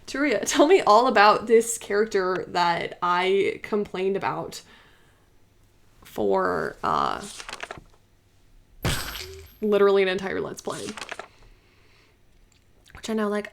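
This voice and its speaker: A young woman hosting a let's play, talking in a chatty, animated way with frequent laughs and fillers. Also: mid-range voice, moderate pace, a little hiss or hum. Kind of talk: casual gaming commentary.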